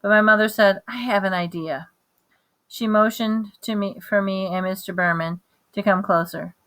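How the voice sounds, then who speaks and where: A woman reading a children's novel aloud in plain, even storytelling, with small restarts. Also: mid-range voice, moderate pace. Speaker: reader.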